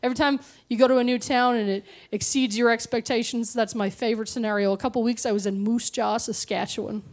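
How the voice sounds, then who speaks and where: A woman from Canada performing a stand-up comedy set on stage, with animated, mock-indignant storytelling. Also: a little high, fast talker. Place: comedy club stage with audience laughter.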